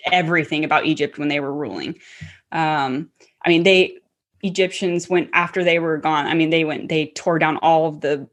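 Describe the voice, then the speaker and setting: A woman author chatting as a guest, enthusiastic and rambling, with lots of fillers and restarts. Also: lowish voice. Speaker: hosts her own book podcast. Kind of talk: casual conversational interview.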